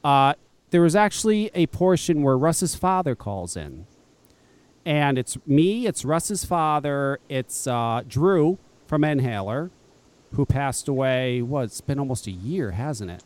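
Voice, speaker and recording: A man's voice: mid-range voice, lively intonation, measured pace, darkish tone. A man hosting a podcast, talking in casual, profane and scornful rants that often break into laughter. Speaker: podcast host. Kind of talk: casual ranting chat.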